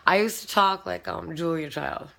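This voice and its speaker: A former stand-up comedian, this woman talks in a soft, rambling, self-deprecating way, casual and unhurried at a normal speed. Her voice sits on the lower side with a creaky texture.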